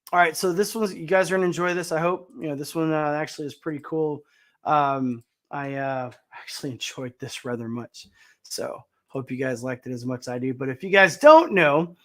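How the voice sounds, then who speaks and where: Fairly high-pitched and fairly bright, a man's voice carries ranting commentary on news clips for a casual show he hosts. He speaks bluntly, swears, and fills his talk with fillers and restarts.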